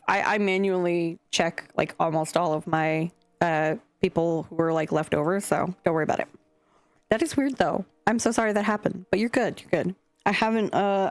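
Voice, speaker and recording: A woman's voice: fairly low pitch, fairly quick, dry recording. A young adult woman streamer chatting casually and scatteredly with her chat, swearing now and then. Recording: faint music behind.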